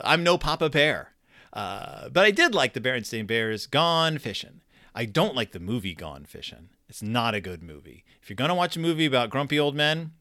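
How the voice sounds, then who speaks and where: A man's voice: medium pitch, bright, forceful tone, dry recording, studio quality. A man in his thirties hosting a podcast, telling personal stories in a rambling, self-deprecating way full of restarts. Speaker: podcast host. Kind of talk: casual storytelling monologue.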